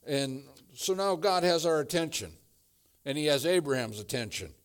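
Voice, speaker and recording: A man preaching a sermon, slow and emphatic, building to repeated phrases. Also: a little high, animated. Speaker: pastor.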